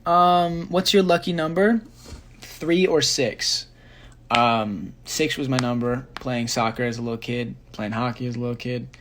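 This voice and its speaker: A man's voice: medium pitch, unhurried, a bit bright, slight background noise. A young man, a singer, casually answering fan questions on a phone livestream, sleepy and rambling with many fillers. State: sleepy, yawning.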